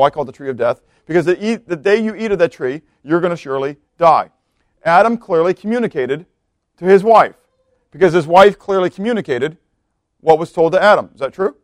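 With a fairly high, lively voice and a slightly fast pace, a male pastor gives a chatty sermon, breaking often to ask his listeners rhetorical questions and reading passages of scripture. The recording is clean studio audio with no echo.

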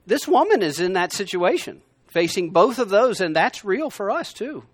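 A man teaching a Bible lesson to a room of listeners, conversational and emphatic, swinging between loud and quiet. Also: high-pitched, very animated, moderate pace, dry recording. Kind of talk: sermon. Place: room with a gathered class.

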